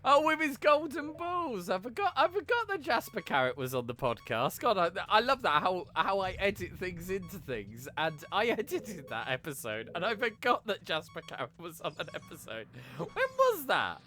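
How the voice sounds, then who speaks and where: Lively, swearing man streaming games. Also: sits high. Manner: chatty, swears freely, quick jokes and asides. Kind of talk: casual live-stream chat while gaming.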